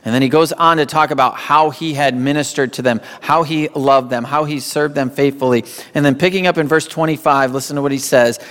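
A man's voice: mid-range voice, fairly even intonation, brisk, hardly any pauses, a bit bright. A man preaching a sermon as a pastor, emphatic and repeating phrases for weight. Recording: long hall reverb.

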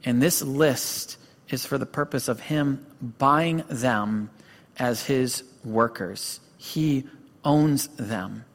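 A man's voice: mid-range voice, slow pace. A man preaching a sermon as pastor, telling a story earnestly and stressing points with repetition, in a church sanctuary. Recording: long hall reverb.

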